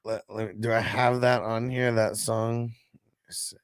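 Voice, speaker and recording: A man's voice: on the low side, flat delivery, a little slow, clear, resonant tone, dry recording, clean studio sound. A young man hosting a casual livestream, reading out chat comments in a loose, rambling way and swearing freely. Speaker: host.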